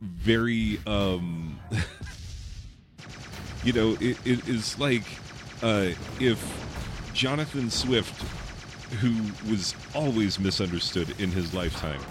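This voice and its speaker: A man who teaches high school English, rambling in casual commentary while playing a game, full of fillers and laughs. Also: takes it slowly, pauses often, noisy background. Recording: game gunfire and explosions behind the voice.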